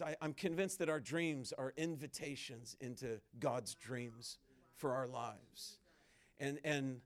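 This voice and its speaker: A man speaking at a conference in a conversational, animated sermon style, acting out quoted dialogue as he tells a story. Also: fairly high pitch. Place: conference hall stage.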